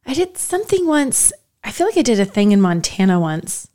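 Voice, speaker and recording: A woman co-hosting a podcast in casual chat, an animated storyteller who laughs often and acts out other people's voices. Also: mid-range voice, a little fast. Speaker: podcast co-host, car journalist.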